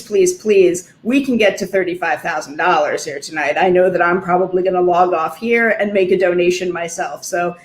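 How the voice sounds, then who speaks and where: An earnest woman attorney speaks from the heart at a virtual fundraiser, stumbling now and then and restarting her sentences. Her voice carries the echo of a roomy space, as though picked up over a video call. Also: fairly low pitch. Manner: earnest, with frequent fillers and restarts. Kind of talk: heartfelt virtual event speech. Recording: echoey room sound.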